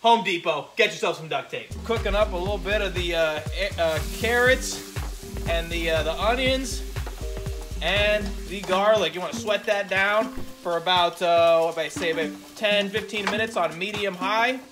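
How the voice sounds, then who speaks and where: High-voiced joking young man cooking. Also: moderate pace, music in the background. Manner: joking, rambling, lots of fillers and "you know what I mean". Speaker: home cooking video host. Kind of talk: casual cooking show chat. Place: home kitchen.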